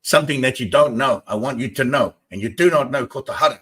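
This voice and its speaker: A man's voice: medium pitch, fast, fairly bright tone. A man hosting a spiritual talk show, speaking emphatically and repetitively and arguing with his viewers. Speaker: host.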